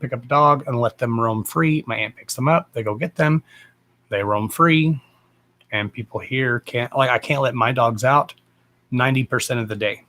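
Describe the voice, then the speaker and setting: A man's voice: mid-range voice, sharp tone. A man hosting a livestream, talking in a blunt, rambling way and swearing freely. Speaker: psychic medium livestream host. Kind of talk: casual rambling live chat.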